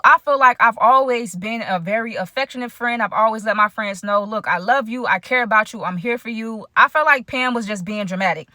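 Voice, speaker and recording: Bright, chatty woman telling a story. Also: medium pitch, dry recording, clean studio sound. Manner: chatty, addresses viewers directly; slangy, frequent fillers. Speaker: storytime vlogger. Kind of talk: casual storytime vlog.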